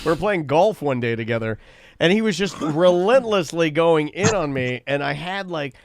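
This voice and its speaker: A high-voiced man tells crude comic stories on a casual podcast and laughs his way through them. The sound is dry and close, with no room around his voice. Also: expressive, normal speed, no room sound. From Florida. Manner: storytelling, laughs often, crude jokes. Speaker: podcast co-host. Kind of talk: casual comedic chat.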